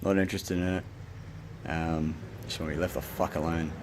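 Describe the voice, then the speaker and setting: A man's voice: a bass voice, steady tone, a little fast, background noise. An Australian man delivering a rambling, agitated, swear-laden monologue to the camera. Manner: profane, agitated, rambling ranting. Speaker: self-recorded speaker.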